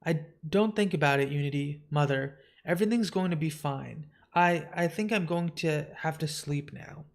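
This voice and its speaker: A man voicing a proud, sharp older grandmother who speaks insistently. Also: a little high, moderate pace, creaky, hardly any pauses. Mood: weary. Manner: haughty, insistent.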